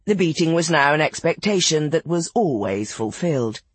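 A narrator reading a literary novel aloud in an expressive, measured audiobook style. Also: medium pitch, slightly rough, dry recording.

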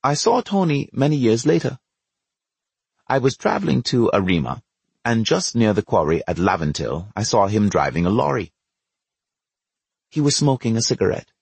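A man reading an audiobook aloud in a measured, wry storytelling manner. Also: medium pitch, very animated, vocal fry, a little mellow, husky, dry recording. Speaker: narrator. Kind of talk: audiobook narration.

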